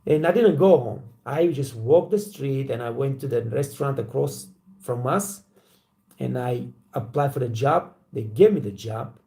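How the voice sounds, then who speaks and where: Gravelly blunt man. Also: mid-range voice, animated, unhurried, warm tone. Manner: blunt, profane, storytelling with acted quotes. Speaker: waiter trainer and channel host. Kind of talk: casual motivational talk to camera.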